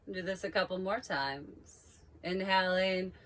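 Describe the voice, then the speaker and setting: A woman yoga teacher calmly leading a guided breathing practice with slow, drawn-out cues. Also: fairly low pitch, a little hiss or hum.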